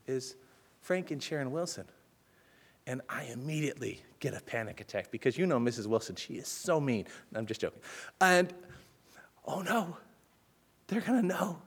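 A man preaching a sermon as a personal story, swinging between loud urgent bursts and hushed, soft passages. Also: mid-range voice. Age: adult with children. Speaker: pastor.

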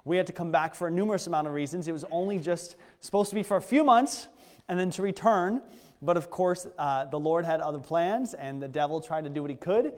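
Male missionary preacher, higher-pitched, earnest and chatty with restarts, church hall reverb. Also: lively intonation, a little fast. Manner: earnest, conversational, with frequent restarts. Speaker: missionary pastor. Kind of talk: sermon testimony. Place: church sanctuary.

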